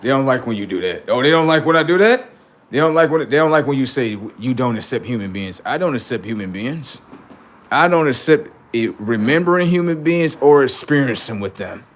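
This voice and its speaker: A man's voice: medium pitch, lively intonation, fairly quick. A man hosting a livestream in a rambling, slangy monologue, often murmuring asides to his viewers. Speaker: livestream host.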